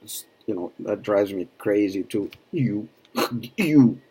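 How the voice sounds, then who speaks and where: A man's voice: lowish voice, expressive, slow pace, noisy background. A man from Rio de Janeiro, a native Portuguese speaker with a Brazilian accent, teaching a Portuguese lesson in English and patiently repeating words for practice. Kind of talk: language lesson.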